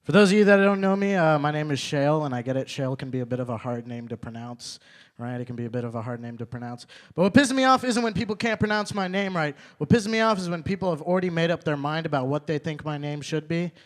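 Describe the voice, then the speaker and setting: Young male stand-up, slightly high voice, loose conversational delivery, repeats lines for laughs, small club set. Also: steady tone, quick pace. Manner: conversational, asks the crowd questions, repeats punchlines. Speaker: stand-up comedian. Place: small live comedy venue.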